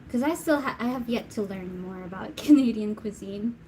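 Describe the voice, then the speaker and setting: A woman's voice: mid-range voice, normal speed, warm tone, a little hiss or hum, rough recording. A woman hosting a live tarot Q&A stream, chatting casually, laughing often and reading viewer comments aloud. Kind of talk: casual livestream chat.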